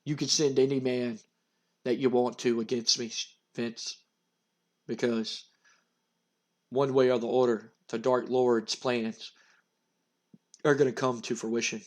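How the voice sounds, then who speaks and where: A man voicing a menacing, ominous undead male wrestler who speaks slowly and threateningly. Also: little pitch movement, lightly acted. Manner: slow, low, threatening.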